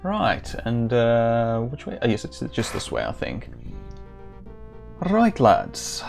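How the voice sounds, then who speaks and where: A man's voice: medium pitch, wildly swooping pitch, measured pace, gravelly, faint music behind. A man streaming a video game, chatting casually and rambling with dry, self-amused jokes. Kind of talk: casual let's-play commentary.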